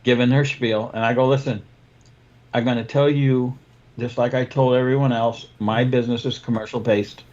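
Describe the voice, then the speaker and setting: Crude, deadpan man, dull lo-fi sound. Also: medium pitch, moderate pace. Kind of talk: casual chat.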